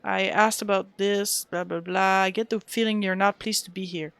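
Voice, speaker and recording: A woman's voice: medium pitch, steady tone, normal speed, creaky, a bit bright, clear, resonant tone, no echo. Chatty woman streaming a game. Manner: chatty, thanks viewers one by one. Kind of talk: casual live-stream chat while playing.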